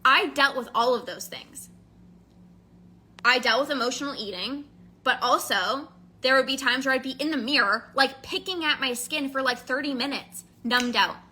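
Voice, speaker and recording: A woman podcast host and binge eating coach talking in a casual, animated monologue, quickly acting out little quotes. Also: high-pitched, slightly rough. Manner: fast, animated, acts out quotes.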